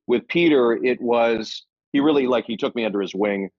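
A middle-aged man, an actor guesting on a podcast, telling stories in a lively, casual way and swearing freely. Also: mid-range voice, normal speed, dry recording, dull audio. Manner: animated, swears casually, many restarts. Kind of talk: casual anecdotal storytelling.

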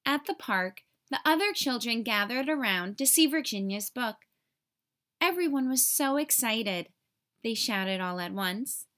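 A woman teacher reading a children's story aloud in an expressive storytelling manner. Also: on the high side, a little slow.

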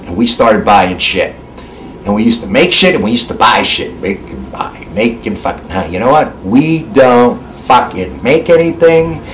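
A man's voice: medium pitch, echoey room, slight background noise, rough recording. Furious swearing man ranting. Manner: angry, shouting bursts, constant swearing. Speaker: actor ranting on camera. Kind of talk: profane political rant.

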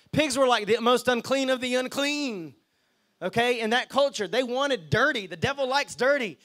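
A man preaching a lively sermon as pastor, often checking in with the congregation. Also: extremely high pitch. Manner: lively, chatty, asks the crowd okay and right.

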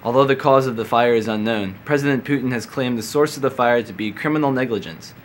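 A man's voice: medium pitch, quick pace, a little hiss or hum. A teenage boy anchoring a school news broadcast, mixing in joking, self-deprecating asides. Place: school sound booth.

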